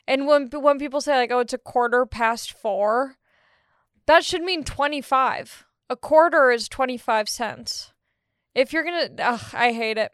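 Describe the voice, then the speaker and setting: Young woman rambling on her podcast, kinda high voice, super dry and close. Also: lively intonation, normal speed, fairly bright tone, clear, resonant tone, no echo. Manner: rambling, self-deprecating, jokey. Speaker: podcast host. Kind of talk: casual monologue.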